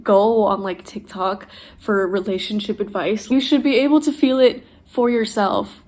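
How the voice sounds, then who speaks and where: A woman's voice: medium pitch, steady tone, moderate pace, a little mellow. A young woman talking candidly and emotionally to her camera in a casual vlog, swearing freely as she sits on the floor at home. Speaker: vlogger.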